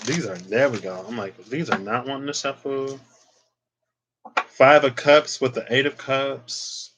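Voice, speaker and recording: A man's voice: medium pitch, steady tone, a little slow, background noise. Chatty man giving a tarot reading. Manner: chatty, lots of "like" and playful asides. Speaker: tarot reader.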